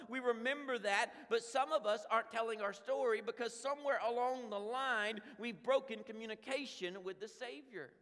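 A middle-aged man preaching a conversational sermon as a pastor, telling stories with animated energy and many asides. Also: extremely high pitch. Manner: animated storytelling with frequent "man" and restarts. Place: church sanctuary. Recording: long hall reverb in a church.

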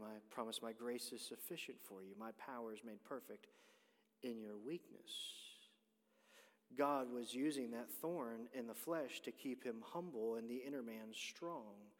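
A pastor preaching a sermon, building to emphatic, shouted points. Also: male voice, mid-range voice. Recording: reverberant hall.

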